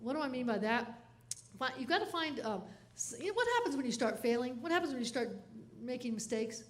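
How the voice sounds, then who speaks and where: High, laughing woman comedian on stage. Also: fairly quick. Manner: animated storytelling, laughing between lines. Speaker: keynote speaker and comedian. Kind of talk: comedic keynote speech.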